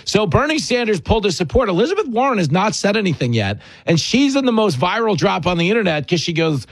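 A man's voice: high-pitched, very animated, fast talker, hardly any pauses, no echo. A man hosting a talk show, joking with a guest in loose comedic banter and laughing often. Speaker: radio host.

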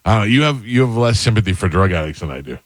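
A man's voice: lowish voice, big pitch swings, quick pace, no room sound. A man hosting a radio talk show, telling stories and acting out the dialogue in casual chat. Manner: storyteller acting out quoted dialogue.

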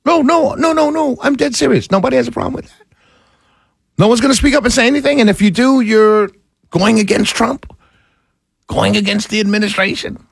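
High-voiced excitable male talk radio host. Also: brisk, creaky, long pauses, slightly rough, dry recording. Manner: frustrated, excitable, ranting then calming himself. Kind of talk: live talk radio monologue.

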